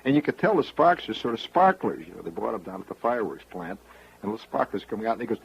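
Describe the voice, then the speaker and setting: Husky-voiced rambling radio storyteller man. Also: on the low side, expressive, fast, rough recording. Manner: rambling storyteller, confiding, wry. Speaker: radio host.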